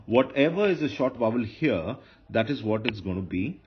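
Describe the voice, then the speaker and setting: A man's voice: medium pitch, expressive, moderate pace. A man teaching a grammar lesson, explaining step by step with fillers and self-corrections. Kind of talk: lecture. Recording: dull lo-fi lecture recording with faint noise.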